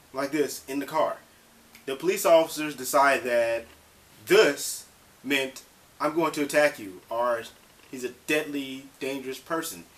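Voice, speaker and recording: A man's voice: mid-range voice, a bit bright, rough recording. A man presenting a vlog, commenting in an indignant, impassioned way and swearing now and then. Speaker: vlogger.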